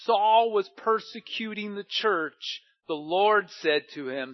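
A pastor preaching a sermon to his church, animated, with frequent laughs as he acts out scripture quotes in dramatic voices. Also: high voice, takes it slowly, hardly any pauses, muffled recording.

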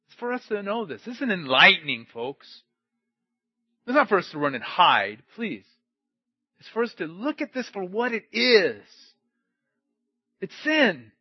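A man preaching a sermon, shifting from loud outbursts to hushed, low-spoken warnings. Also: very animated, measured pace, long pauses, slightly rough, no room sound, muffled recording. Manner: dramatic swings from loud to hushed. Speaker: pastor.

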